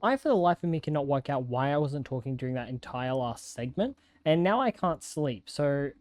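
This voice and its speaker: A man's voice: medium pitch, moderate pace, no echo. Chatty young man narrating his gameplay. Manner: chatty, talks to himself, jumpy excited outbursts. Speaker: gaming content creator. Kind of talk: live let's-play commentary.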